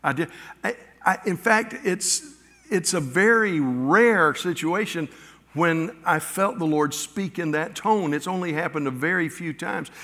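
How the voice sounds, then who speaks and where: A man's voice: fairly high pitch, sharp tone. Man preaching in a reverberant church. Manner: storytelling, halting restarts, acts out quotes. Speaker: pastor. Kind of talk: sermon with personal stories. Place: church sanctuary. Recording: long reverb of a church hall.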